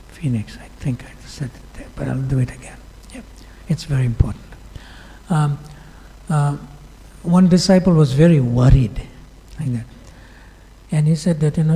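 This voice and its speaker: A monk gives a sermon in a mellow, slightly high voice, telling a story in a halting way and often pausing with fillers. His words carry a long reverb through a temple hall. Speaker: visiting monk preaching.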